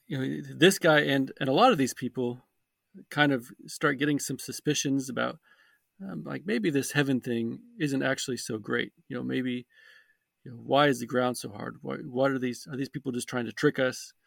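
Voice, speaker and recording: A man's voice: medium pitch, normal speed, creaky, a bit bright, no room sound. A man co-hosting a podcast, talking casually and hesitantly about a book with many fillers. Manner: hesitant, fills with "you know". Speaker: podcast co-host.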